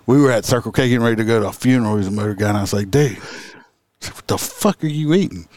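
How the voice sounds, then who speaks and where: A man's voice: medium pitch, quick pace, darkish tone, no echo. A man in his forties talking casually as a podcast host, telling stories in a laid-back way, cursing and laughing along. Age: 40s. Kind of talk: casual conversation.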